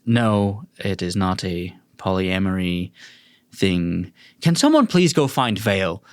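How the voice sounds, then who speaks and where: A man's voice: low voice, big pitch swings, slow, no echo, studio quality, heavily acted. A man voicing a regal male king who is tired of his court, speaking formally. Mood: weary.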